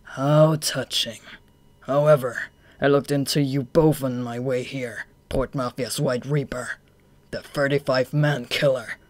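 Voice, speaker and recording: Brief: narrator voicing a menacing young man, scornful, drawn-out delivery, fan audiobook. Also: mid-range voice, steady tone, dry recording, close to an everyday voice. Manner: slow, hushed, scornful. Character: cold, menacing young male swordsman-assassin.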